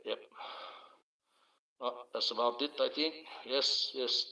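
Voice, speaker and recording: Bright-voiced rambling livestream host, man. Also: medium pitch, steady tone, slow pace. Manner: rambling, swearing, chatty banter. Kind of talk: rambling casual livestream chat. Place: home livestream, alone. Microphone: low-placed desk mic. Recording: dull lo-fi stream audio.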